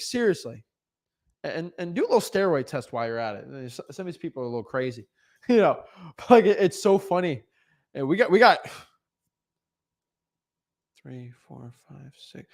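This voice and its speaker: Young guy hyped up coaching real estate, kinda high voice, stumbles and repeats himself a lot. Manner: animated, repeats and restarts words, laughs often. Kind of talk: casual motivational vlog talk.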